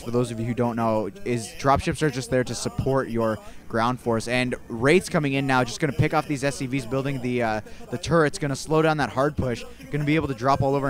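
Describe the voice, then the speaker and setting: A young man giving casual, rambling play-by-play commentary on a video game match as an amateur caster, often correcting himself mid-sentence. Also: mid-range voice. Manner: rambling, relaxed, self-correcting.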